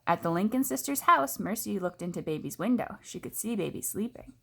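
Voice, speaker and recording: A woman reads a children's book aloud as a teacher would, in an expressive storytelling voice. Her pitch moves a lot and keeps the story lively. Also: a little fast, gravelly, breathy edge.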